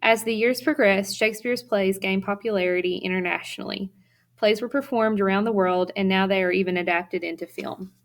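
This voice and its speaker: A woman's voice: medium pitch, fairly even intonation, a little fast. Woman teacher reading lesson notes. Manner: reads notes aloud steadily, with occasional fillers. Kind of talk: recorded classroom lecture.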